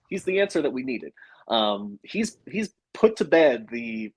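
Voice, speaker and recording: A man's voice: medium pitch, big pitch swings, normal speed, poor audio. A man co-hosting a sports podcast, speaking eagerly and laughing easily. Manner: enthusiastic, laughing easily, with fillers. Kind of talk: casual sports podcast chat.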